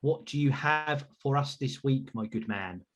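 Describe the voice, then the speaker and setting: A man's voice: mid-range voice, unhurried, a bit bright. A man hosting a podcast, chatting casually in an upbeat, self-reflective way. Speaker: podcast host.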